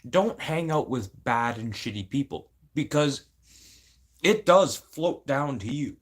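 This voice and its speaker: Swearing nonstop, a grown man vlogs to camera in a blunt, rambling, emotional rant, clearly aggrieved. He takes it slowly in an expressive, medium-pitched voice.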